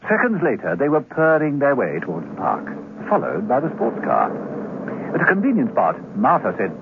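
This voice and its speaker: A man narrating a radio drama with expressive, dramatic storytelling. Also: medium pitch, moderate pace, vocal fry, background noise. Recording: tinny old radio recording with music.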